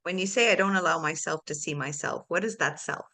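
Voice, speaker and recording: A woman's voice: low-pitched, a little fast, sharp tone. A woman life coach guiding a private session with direct, probing questions.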